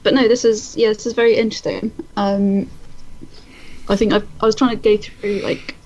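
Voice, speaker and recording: A woman's voice: mid-range voice, level tone, moderate pace, darkish tone, lo-fi sound. A woman from the UK co-hosting a casual film podcast, giggly and swearing freely. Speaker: podcast co-host.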